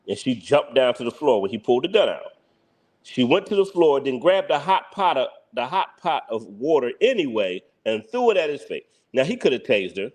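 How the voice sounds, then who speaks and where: A man's voice: mid-range voice, sing-song, moderate pace, darkish tone. A man with a Philadelphia accent hosting a live stream, blunt and heated, repeating himself and laughing mockingly.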